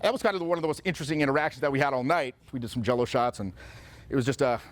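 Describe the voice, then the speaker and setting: A man coaching on social confidence, telling stories and giving advice in a casual, profane, animated way. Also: medium pitch, racing. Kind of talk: casual motivational talk.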